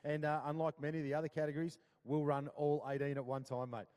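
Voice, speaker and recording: Aussie bloke commentating powerboats, slightly high voice, keen and chatty. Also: male voice, level tone, quick pace. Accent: Australian. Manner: upbeat, lots of "mate" and shout-outs. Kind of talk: live sports commentary.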